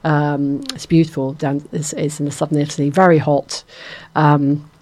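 Casual female radio presenter, lower-pitched, meandering talk full of fillers. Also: little pitch movement, normal speed, darkish tone. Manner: chatty, rambling, many ums. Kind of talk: casual on-air chat.

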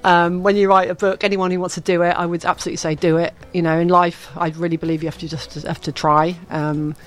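A woman's voice: lowish voice, level tone, quick pace. A woman from the UK, an author being interviewed, talking in a chatty, rambling way with frequent laughs. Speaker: author guest. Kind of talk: casual interview chat.

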